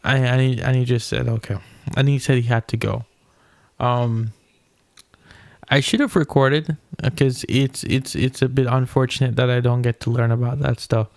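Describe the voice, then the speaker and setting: Smooth-voiced young man, rambling casual reader. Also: mid-range voice, level tone, moderate pace, darkish tone, no room sound. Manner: rambling, restarts often, slangy asides. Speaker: solo reader commenting on a philosophy paper. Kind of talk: casual late-night read-aloud with commentary.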